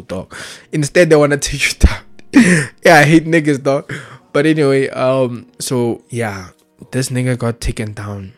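A young man rants casually about football, excitable and slang-heavy, tagging nearly every phrase with street slang. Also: on the high side. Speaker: vlogger.

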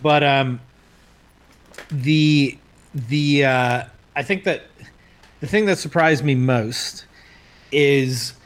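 A man's voice: mid-range voice, very slow, pauses often. A man co-hosting a casual sports chat, joking, swearing and slipping into mock voices. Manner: profane, joking, puts on mock voices in quotes.

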